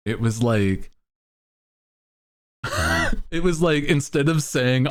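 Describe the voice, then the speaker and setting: A man's voice: fairly high pitch, animated, very slow, long pauses. A man streaming, chatting casually and laughing often as he rambles.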